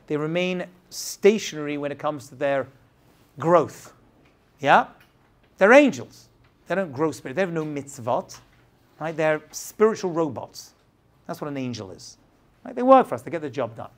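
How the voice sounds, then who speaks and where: A man with a fairly high voice leads a Torah lesson as a rabbi. His delivery swings up and down and keeps turning into rhetorical questions and quick checks that the class is with him.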